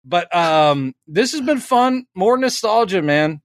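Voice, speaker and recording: A fairly high-voiced man speaks slowly on a dry, clean studio recording. He's a podcast co-host in casual chat, an animated storyteller who acts out quoted voices.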